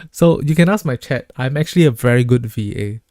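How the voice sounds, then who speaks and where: A male streamer chatting loosely with his viewers, joking and laughing as he goes. His voice is mellow and a little dark, recorded close and dry with no room sound. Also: medium pitch, very animated, moderate pace, no room sound. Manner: joking, laughs often, reads chat aloud. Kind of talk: casual live-stream chat.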